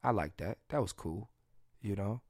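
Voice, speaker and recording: A man's voice: lowish voice, moderate pace, a little mellow, slightly rough, dry recording, clean studio sound. A man hosting a podcast, telling candid, crude and joking personal stories in a casual solo chat. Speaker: podcast host.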